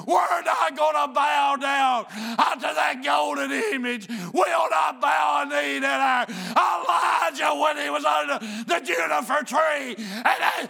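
A man preaching a sermon in church with an impassioned, shouting cadence. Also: extremely high pitch, vocal fry. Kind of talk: fiery preaching.

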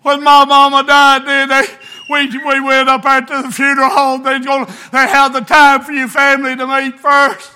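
A man preaching a sermon, fervent and emotional, often shouting. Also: extremely high pitch, monotone, moderate pace.

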